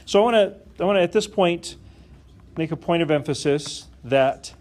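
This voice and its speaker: A man's voice: a little high, normal speed, a little mellow. A man teaching a calculus lesson to a class, often stopping to question the students and check that they follow. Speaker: math teacher.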